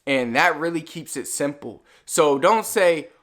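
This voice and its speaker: A young man giving a casual video lesson, talking in a relaxed, conversational way and slowing down to model each phrase. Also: fairly high pitch. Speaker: Spanish teacher.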